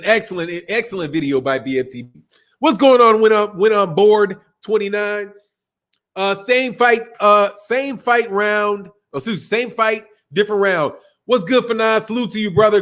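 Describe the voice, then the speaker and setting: Hosting a boxing channel's live stream, a middle-aged man from Chicago laughs a lot and chats in a relaxed, slang-filled way. His voice is high and a little bright.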